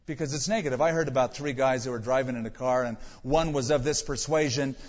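A man preaching a sermon, working through numbered points with rhetorical questions and sudden bursts of emphasis. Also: fast. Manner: sudden rises in pitch and volume for emphasis. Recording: long hall reverb, dull lo-fi sound.

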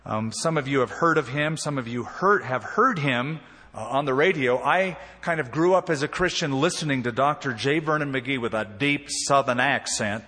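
A male pastor preaching a sermon in a church sanctuary, telling the story in an animated way with emphatic swings and quieter asides. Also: mid-range voice, normal speed. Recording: reverberant church hall.

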